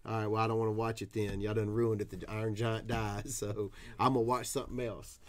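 A man's voice: fairly low pitch, level tone, brisk. A man from Tennessee, hosting a casual card-opening stream in a rowdy, profane, whooping way. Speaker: card breaker host. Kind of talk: casual live stream chat.

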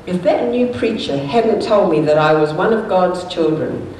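A woman voicing a friendly, folksy older gentleman who is quoted in a story she tells during a sermon. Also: expressive, normal speed. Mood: earnest. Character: friendly talkative older male Southern gentleman. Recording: echoey hall from far off, faint rumble.

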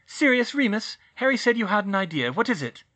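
A man's voice: sits high, sing-song, bright, forceful tone, pitched above the performer's own voice, exaggerated voice. A man voicing a bossy teenage witch girl. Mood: brisk. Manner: brisk, insistent, rises to shrieks. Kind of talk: audiobook reading of fan fiction.

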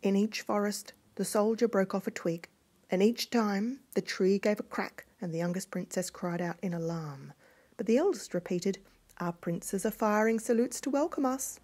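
A woman reading a fairy tale aloud in a hushed voice that often drops to a whisper. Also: mid-range voice, breathy edge. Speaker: storyteller.

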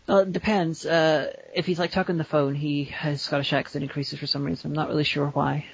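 A man's voice: fairly high pitch, flat delivery, brisk, creaky, husky, muffled recording. A man co-hosting a podcast in casual chat, rambling and breaking into silly voices. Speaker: podcast co-host.

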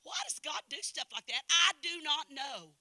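High, sharp-voiced Southern woman preacher. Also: moderate pace, no room sound. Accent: East Tennessee Southern. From Knoxville, Tennessee. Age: older. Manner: emphatic, repetitive preaching swinging from loud to hushed. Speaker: guest preacher. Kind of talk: sermon. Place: church service.

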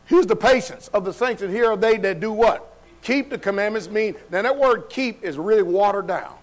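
A man with a high voice delivers a sermon in a church hall. He talks colloquially and keeps pulling the congregation in with call-and-response questions. He laughs between his points. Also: expressive, normal speed. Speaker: preacher.

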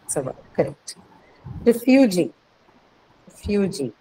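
A woman's voice: mid-range voice, very animated, measured pace, dark tone, husky, low-quality recording. Patient woman teaching an online English class. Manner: patient, explanatory, repeats "correct" and "right".

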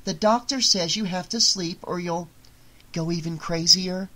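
Reader as worried secretive mom, pleading, tearful, higher voice, audiobook. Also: female voice, measured pace, fairly bright tone. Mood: insistent. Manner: pleading, insistent, near tears. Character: anxious secretive mother, drinking. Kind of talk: audiobook character reading.

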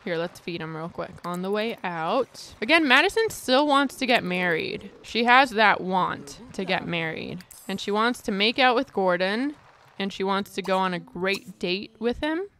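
A woman's voice: mid-range voice, expressive, moderate pace, a bit bright, slight background noise. A young woman giving dramatic, exasperated casual commentary while playing a life-sim game. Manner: dramatic, exasperated, mild cursing. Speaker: gaming streamer.

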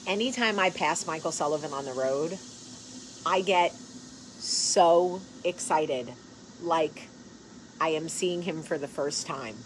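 A woman in her forties hosting a casual chat to camera. She is blunt, profane and joking, laughs often, and swings from hushed earnest talk to loud animated bursts. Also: sits low, takes it slowly, slight background noise, poor audio. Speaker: show host.

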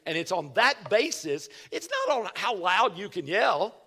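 A man's voice: high-pitched, sing-song, measured pace, sharp tone, slightly rough. A man with a Texan accent preaching a sermon as pastor, emphatic and calling out to the congregation.

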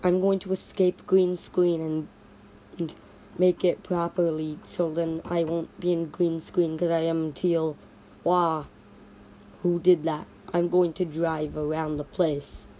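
A woman's voice: low-pitched, little pitch movement, slow pace, long pauses, mellow, a little hiss or hum. A woman narrating a playful toy stop-motion story in repetitive, sing-song toy voices.

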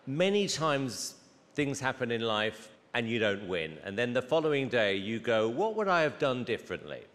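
Male panel judge, earnest and measured, lively pitch, reverberant hall. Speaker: talent show judge.

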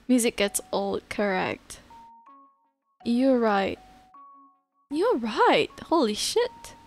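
Slow-talking woman streamer, higher voice. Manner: laughs often, chatty and relaxed; reads and answers chat messages. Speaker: live streamer. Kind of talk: casual chat with viewers.

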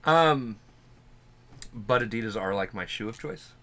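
Co-hosting a music reaction video late at night while wearing a face mask, a man talks in a fairly low, expressive, slightly bright voice at a measured pace. His casual chat about the song is loose and rambling, and he's fidgety and swears casually.

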